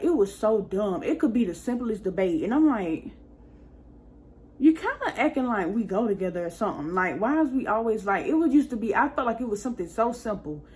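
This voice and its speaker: A woman's voice: mid-range voice, darkish tone. A young woman vlogger telling a casual storytime, chatty and exasperated, full of asides.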